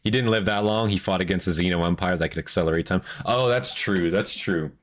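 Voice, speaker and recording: Male reaction host, casual and excitable, swears freely, lowish voice. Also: a little fast. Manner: excitable, swears and laughs a lot.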